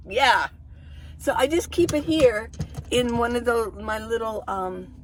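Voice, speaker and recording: A woman's voice: fairly high pitch, slow, long pauses, slight background noise. A middle-aged woman vlogger chatting casually and rambling as she shows the inside of her minivan, with a camera held in her hand. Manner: chatty, rambling, laughs often.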